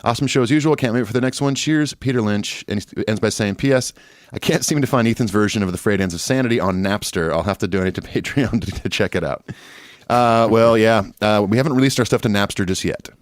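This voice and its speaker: A man co-hosting a music podcast, relaxed and agreeable, reading listener emails with many fillers. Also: on the low side, fast, dry recording, clean studio sound. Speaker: podcast co-host.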